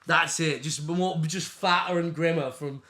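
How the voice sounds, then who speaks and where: A man's voice: a little high, steady tone, a little slow, sharp tone. A young man, a comedian guest on a podcast, rambling and self-mocking with lots of fillers. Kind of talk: casual podcast chat.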